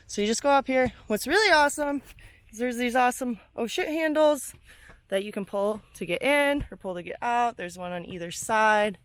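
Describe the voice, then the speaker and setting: With a slightly high, somewhat bright voice, a young woman chats her way through a solo outdoor tutorial beside her car. She laughs, swears and runs herself down while working, a bit out of breath, her handheld camera moving off frame.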